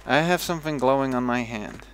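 A man's voice: mid-range voice, fairly quick, slight background noise. A young man with a Dutch accent, chatting casually and thinking aloud as he plays a video game. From Netherlands. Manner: chatty, thinks aloud with restarts and self-talk. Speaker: let's play gamer.

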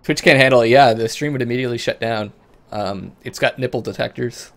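A man hosting a let's play, reading story text aloud in a mid-pitched voice. He switches between measured narration and casual, joking chatter. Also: gravelly. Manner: storyteller reading, breaks off into jokey chat.

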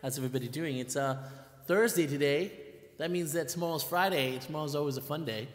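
A man hosting a live music stream, chatting casually and telling stories in an animated, excitable way, full of "I'm like" and the odd curse. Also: fairly high pitch, a little fast. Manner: animated, excitable storyteller who keeps saying "I'm like" and curses at times. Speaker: live music show host and band member. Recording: echoey room with long reverb.

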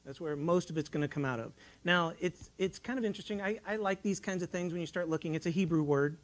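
A man's voice: a little high, fast talker, poor audio. A man preaching in a church, talking in a folksy, rambling way with many restarts as he tells a childhood story. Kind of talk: sermon. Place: church sanctuary.

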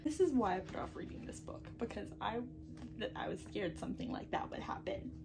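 A woman's voice: mid-range voice, lively intonation, fairly quick, creaky, rough recording. A young woman chatting in a casual reading vlog, breathless and anxious, sometimes dropping to a whisper. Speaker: book vlogger. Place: bedroom at night.

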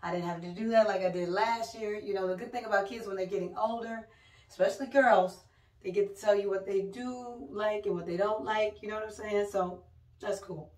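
A middle-aged woman, a mother and vlogger, telling stories in casual, chatty talk with lively exclamations. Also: mid-range voice, a little fast. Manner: chatty storytelling, exclaims "oh my God". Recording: roomy, mic a bit distant.

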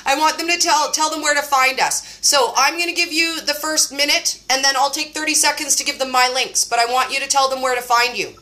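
A woman hosting a casual phone livestream chat, bubbly and effusive and quick to laugh. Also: sits high, fairly even intonation, bright, forceful tone. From Canada. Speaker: host. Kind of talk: casual live-stream chat.

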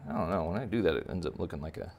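A man's voice: low voice, rapid-fire, a little mellow. A man giving a playful, rambling drawing lesson for children, with many fillers. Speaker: drawing teacher. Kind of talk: casual drawing tutorial for kids.

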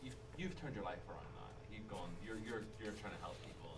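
Low soft-spoken male interviewer, distant mic. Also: expressive, brisk. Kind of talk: interview questions. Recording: distant mic with faint noise.

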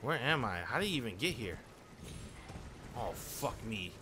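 A man streaming a video game live, reacting aloud with frequent swearing and excitable running commentary. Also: medium pitch, unhurried, long pauses, noisy background. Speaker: gaming streamer.

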